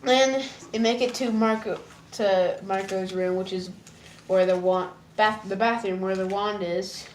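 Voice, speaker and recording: A woman casually recapping a cartoon episode, rambling with lots of "like"s and stumbling restarts, jumping into high loud voices for the characters. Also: steady tone, a little slow, a little hiss or hum. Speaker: episode reviewer.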